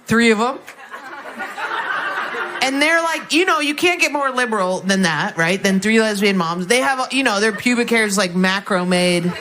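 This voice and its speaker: A woman's voice: mid-range voice, moderate pace, fairly bright tone. A woman doing a stand-up set, dry, mocking and casual as she tells her jokes. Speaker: stand-up comedian. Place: comedy club stage.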